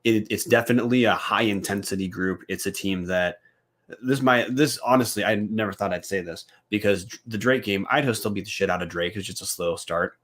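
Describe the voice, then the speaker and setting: A man's voice: fairly low pitch, brisk, fairly bright tone. A man co-hosting a college football podcast, breaking down playoff odds bluntly and swearing casually. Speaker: podcast co-host. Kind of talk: casual sports podcast chat.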